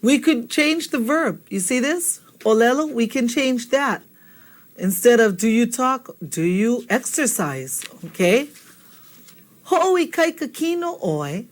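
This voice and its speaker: A woman's voice: a little high, expressive, a little slow. A woman teaching a spoken language lesson, patient and encouraging, often checking in with the learner. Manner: patient, repeats and checks in with "okay?".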